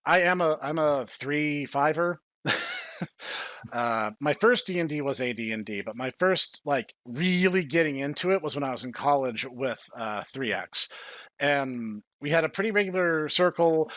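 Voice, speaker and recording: A man hosting a casual podcast, telling stories in a chatty way with quick filler-laden asides. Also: a little high, a bit bright, no echo. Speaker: podcast host.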